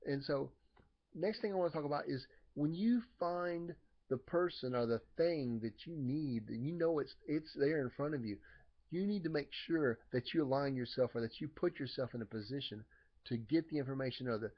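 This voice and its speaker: A man's voice: a little high, moderate pace. Casual rambling male lay preacher, lo-fi. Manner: rambling, many fillers and restarts, acts out voices loudly. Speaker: lay preacher sharing a Bible story. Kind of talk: casual informal sermon.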